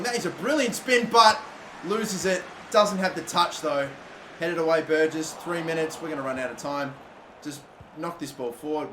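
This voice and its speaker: A young man commentating his own football video game match, swearing and exasperated, shouting at his players' mistakes. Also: high-pitched. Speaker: gaming YouTuber. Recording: echoey room with faint noise.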